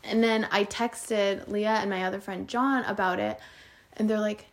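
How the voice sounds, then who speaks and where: A woman's voice: mid-range voice, moderate pace. Chatty young woman telling a story. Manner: animated storytelling, lots of "like". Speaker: podcast co-host. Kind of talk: casual chat.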